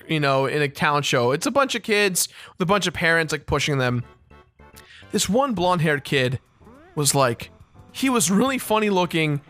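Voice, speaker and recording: A man's voice: fairly high pitch, bright, forceful tone. A man in his twenties, a let's play host, casually telling a story with lots of laughing and swearing. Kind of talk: casual storytelling over gameplay.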